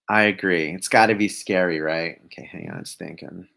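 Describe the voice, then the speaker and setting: A man's voice: deep voice, normal speed, gravelly, hardly any pauses, fairly bright tone, poor audio. A man co-hosting a casual live stream, giving step-by-step directions and laughing easily. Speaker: co-host.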